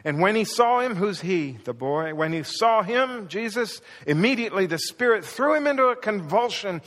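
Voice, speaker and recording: A man's voice: high-pitched, a bit bright. A male pastor preaching a sermon with passion, acting out the quoted words with rising intensity. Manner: impassioned, acts out quoted lines with rising intensity. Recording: long hall reverb.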